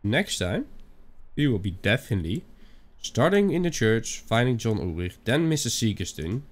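A young Dutch-accented man talks his way through a game, rambling from one aside to the next. He swears casually. His voice sits a little low. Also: sing-song, moderate pace. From Netherlands. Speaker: gaming channel host. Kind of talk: let's-play commentary.

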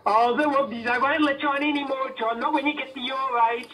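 A man's voice: very high-pitched, fairly even intonation, a little fast, a crowd in the background. A man, calling a talk radio show in a taunting, mocking way. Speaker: caller. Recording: distant radio recording with faint noise.

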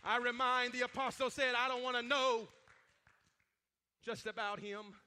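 A male preacher in full sermon, fervent and building toward shouts. His voice is very high and strikingly bright. He leans on frequent "uh" fillers between phrases. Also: fairly even intonation, unhurried, clear, resonant tone. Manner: fervent, many 'uh' fillers, rising to shouts.

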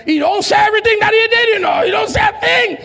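Shouting high-voiced preacher, echoing church hall. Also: male voice, fast talker, creaky, some chatter behind. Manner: shouting, call-and-response preaching. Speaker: pastor. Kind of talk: sermon. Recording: long hall reverb, congregation faint.

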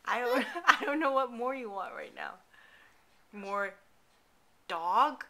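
High, bright, slow-talking mother. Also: animated. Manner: sing-song, encouraging, praising. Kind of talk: playful baby talk with a toddler. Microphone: built-in camcorder mic.

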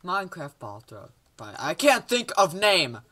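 A woman's voice: fairly low pitch, big pitch swings, unhurried, bright, forceful tone. A woman giving casual, rambling let's-play commentary, joking at her own expense as she plays. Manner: rambling, self-mocking and jokey. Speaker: gaming video host.

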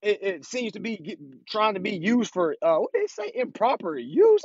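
A man's voice: high voice, big pitch swings, normal speed, hardly any pauses, husky, no room sound. A man teaching consumer law in a casual, profane, emphatic monologue, saying "you know what I'm saying" over and over. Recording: dry, slightly dull lo-fi recording.

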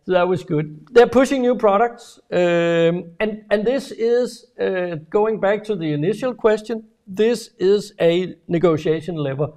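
A man's voice: high-pitched, a little mellow. A man co-hosting a business webinar over a video call, talking with many restarts and fillers. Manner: halting, many restarts, laughs easily. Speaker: webinar co-host.

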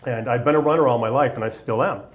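In an oral history interview, a Massachusetts man in his fifties recalls his army days, speaking fast in a mid-range voice. The veteran rambles along with many fillers.

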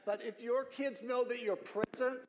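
A middle-aged man preaching a sermon as pastor, earnest, repeating phrases and building up to shouted emphasis. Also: very high-pitched, fairly even intonation, normal speed, long reverb tail, background noise. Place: church sanctuary.

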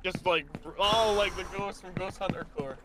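A tired man co-hosting a casual gaming chat, teasing and animated while he watches someone play. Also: high voice, moderate pace, a crowd in the background. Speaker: co-host watching a game. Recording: noisy home recording.

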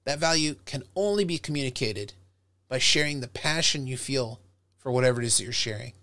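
A middle-aged man, a professor, giving an animated, direct lecture on public speaking to his students, recorded close to a webcam mic. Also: medium pitch, fairly quick, no echo. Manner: animated, direct, demonstrates tones by acting them out.

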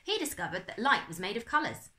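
A woman reading aloud and voicing a gentle, polite young boy in a children's story, soft and wondering. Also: on the high side, very animated, quick pace, reverberant, pitched above the performer's own voice.

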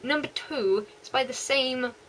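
A young woman with a West Country English accent, chatting excitedly and gushing in repeats as an anime vlogger. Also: high-pitched, unhurried, a little hiss or hum, rough recording. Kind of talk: casual chat.

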